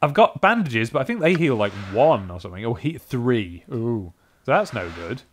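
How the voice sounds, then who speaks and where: A man's voice: mid-range voice, very animated, normal speed, a little hiss or hum. A man casually commenting as he plays a computer role-playing game, chatty and self-mocking. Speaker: game let's-player.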